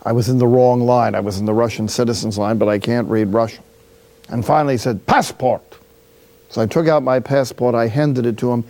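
A friar from City, preaching a sermon through a lively personal story with acted-out dialogue. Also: male voice, mid-range voice. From Jersey City, New Jersey.

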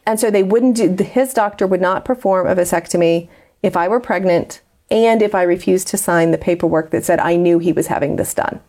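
A woman's voice: fairly low pitch, brisk, dark tone. A woman from the United States, a guest in an interview, earnestly telling a personal story with frequent fillers.

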